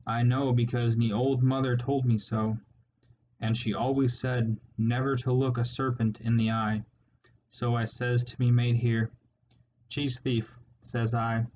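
A man's voice: medium pitch, darkish tone, close to an everyday voice. A man voicing a cowardly, superstitious male ferret soldier with an Irish accent, rambling and pleading, in a slightly muffled recording with faint hiss. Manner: rambling, wailing, rustic storyteller's turns of phrase.

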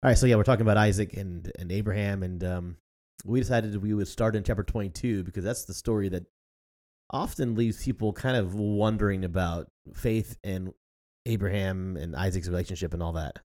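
A man in his thirties with a deep voice talks briskly as a podcast co-host. He's jokey and animated in the casual conversation, laughing often.

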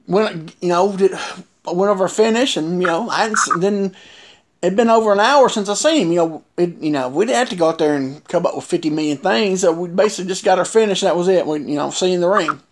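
A man telling a wrestling story in casual chat, rambling with many fillers and restarts. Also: high-pitched.

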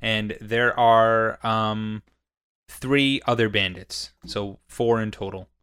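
Young man running a tabletop game, bright crisp voice, dry close sound. Laughs easily. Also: lowish voice, steady tone, slow pace, no echo. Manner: laughs often, casual and upbeat. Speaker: game master. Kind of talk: narrating a tabletop game over a call.

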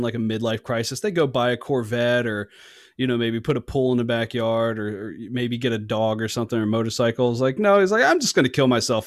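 A young man swapping crude stories in a casual chat, laughing as he goes and trailing off mid-sentence. His voice sits at an average pitch and sounds close and dry, with no room echo. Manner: profane storyteller, laughs often, trails off. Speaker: army veteran.

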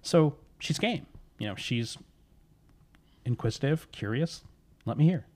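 A man's voice: medium pitch, lively intonation, unhurried, a little mellow. A man telling a spooky story in casual podcast chat, rambling with fillers and correcting himself.

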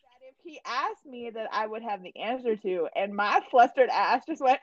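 A woman in casual chat, telling a story with animated energy, swearing and laughing often. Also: high voice, a little fast, few pauses, dry recording, muffled recording.

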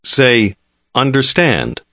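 A man narrating a language lesson in a calm, measured, clearly enunciated scripted delivery. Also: medium pitch, dry recording, studio quality.

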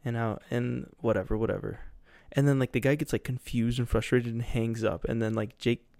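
A man's voice: mid-range voice, level tone, fairly quick, creaky, a little mellow, no room sound, studio quality. A young man rambling casually as a podcast host, loose and goofy, with lots of fillers and swearing.

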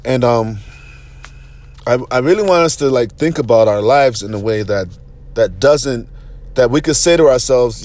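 A man's voice: mid-range voice, animated, moderate pace, a little mellow. A man speaking in a reflective, rambling monologue, earnest and conversational, often checking in with "you know what I'm saying".

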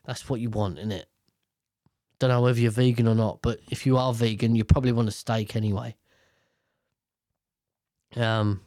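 Podcast host, unhurried delivery, dry close sound, blunt and outspoken. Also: male voice, medium pitch, a little mellow, no room sound. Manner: blunt, outspoken, swears freely. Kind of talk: casual commentary.

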